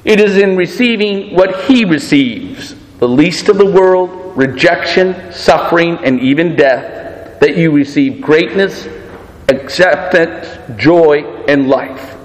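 A male pastor preaching a sermon, dwelling on words with slow, emphatic pauses. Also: on the high side, expressive. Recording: echoey hall reverb.

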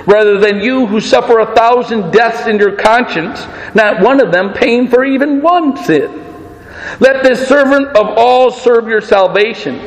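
A male pastor preaching a sermon, dwelling on words with slow, emphatic pauses. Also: high voice. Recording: echoey hall reverb.

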